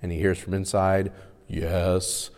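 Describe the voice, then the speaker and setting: A male pastor delivers a sermon in a relaxed, conversational storytelling style and chuckles now and then at his own humor. His voice sits at a middling pitch. A long hall reverb fills out the church sanctuary. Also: unhurried.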